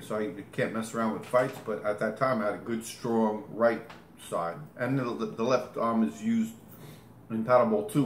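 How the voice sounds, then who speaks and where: A man with a lowish voice, being interviewed, tells a long personal story in casual talk, rambling, correcting himself along the way, and acting out movements with gestures. Slight background noise is audible, and the room is echoey with faint ambience.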